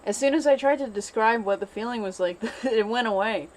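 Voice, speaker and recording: A woman's voice: on the high side, a little fast. Anxious rambling woman talking to herself. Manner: anxious, rambling, repeats phrases over and over. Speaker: vlogger. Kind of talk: unscripted self-filmed monologue. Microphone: self-filmed camera.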